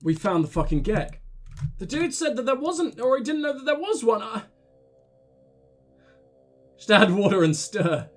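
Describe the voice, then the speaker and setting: A man hosting a let's play, commenting excitedly with joking, profane asides. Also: extremely high pitch, brisk, faint music behind. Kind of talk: gaming commentary.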